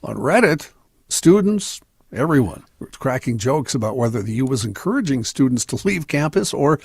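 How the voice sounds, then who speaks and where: A man reading news items on a talk radio show in a steady, measured way. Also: medium pitch, creaky, husky, no room sound, clean studio sound.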